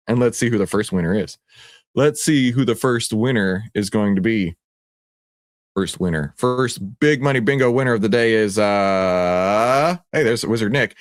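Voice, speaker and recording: A man with a Texan accent hosting a livestream, playful and teasing, often jumping to excited shouts. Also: lowish voice, moderate pace, no echo, clean studio sound. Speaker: livestream host. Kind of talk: animated livestream presentation.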